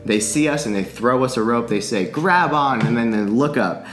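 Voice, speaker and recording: A man's voice: mid-range voice, brisk, slight background noise. A man telling a long story in a casual podcast chat, swearing freely and laughing often. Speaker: podcast guest, musician.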